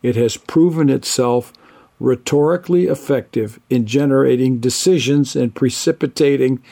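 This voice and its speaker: An older man, a biblical scholar, giving measured conversational answers as an interview guest and listing terms one by one. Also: mid-range voice, creaky, dark tone.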